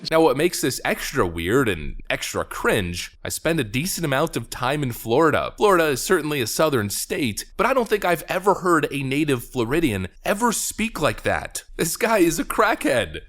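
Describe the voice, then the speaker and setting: A man's voice: fairly high pitch, a bit bright. A man giving scripted online political commentary in a sarcastic, mocking tone.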